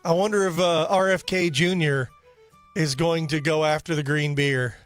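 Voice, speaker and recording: A man's voice: a little high, fairly even intonation, moderate pace, soft background music. A man hosting a radio show, talking casually and joking at himself as he rambles. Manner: joking, rambling, self-mocking. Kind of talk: casual talk radio chat.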